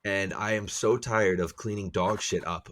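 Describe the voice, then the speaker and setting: Low-voiced profane man ranting on a podcast. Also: moderate pace. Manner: profane, ranting, animated complaints. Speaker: podcast co-host. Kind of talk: casual chat.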